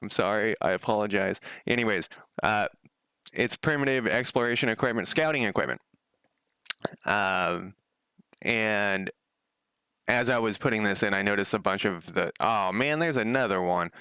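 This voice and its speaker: Thinking out loud as he codes his game on a home stream, this man rambles casually and keeps correcting himself. His voice is lowish, sharp and smooth, captured as clean studio audio without any room sound.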